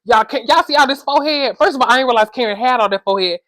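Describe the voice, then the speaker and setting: A woman giving casual comedic commentary on reality TV, animated and exasperated, scolding in slangy talk and speaking to her viewers as y'all. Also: high-pitched, very fast.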